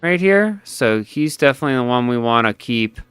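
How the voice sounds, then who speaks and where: Smooth-voiced man thinking aloud while gaming. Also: medium pitch, expressive, moderate pace, fairly bright tone, no echo, faint music behind. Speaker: player and co-host. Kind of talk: casual gameplay commentary.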